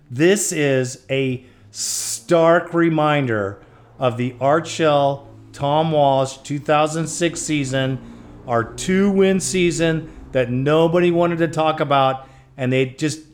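A man hosting a fan call-in podcast, answering callers in a casual, laid-back way. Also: a little high. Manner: casual, laid-back, calls listeners bro. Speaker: podcast host.

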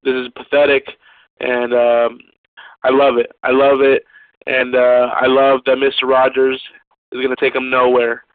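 A man's voice: medium pitch, completely flat delivery, measured pace, no room sound. A man calling in to a fan show, gloating and cursing about a rival team losing. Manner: profane gloating trash talk. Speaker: caller. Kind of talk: call-in voicemail rant. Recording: tinny phone line.

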